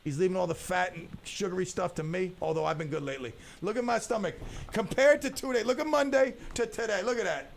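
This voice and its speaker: A man in his fifties hosts a casual talk radio show into a studio microphone, his high voice fast and touched with vocal fry over a little hiss or hum. He jokes and rambles through stories, restarting himself often.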